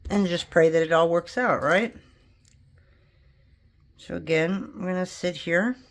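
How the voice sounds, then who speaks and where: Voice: medium pitch, unhurried, a bit bright. A polymer clay crafter in a home studio, casually thinking aloud and chatting to viewers while working.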